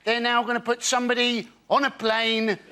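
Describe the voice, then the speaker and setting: A man's voice: very high voice, completely flat delivery, normal speed, heavy background noise. A man doing an observational stand-up routine with wry delivery. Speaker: stand-up comedian.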